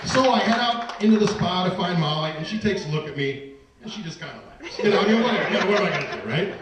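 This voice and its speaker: A stand-up comedian runs a self-deprecating routine, telling a story with asides to the audience, his high voice moving fast over a very noisy crowd. The recording is echoey and distant-miked, with audience laughter throughout.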